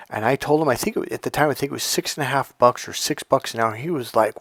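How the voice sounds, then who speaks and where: A man's voice: medium pitch, expressive, fast, hardly any pauses, no room sound, soft background music. A man giving a motivational talk as a relationship and healing coach, speaking emphatically and leaning on stories and rhetorical questions.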